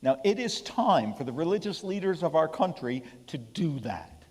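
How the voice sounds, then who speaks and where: A man with a fairly high voice swings widely in pitch as he leads a congregation through a sermon-style Bible study at a moderate pace. His tone is a little mellow and emphatic, and he keeps asking the room "okay?" The live-streamed church hall gives it a big-room sound.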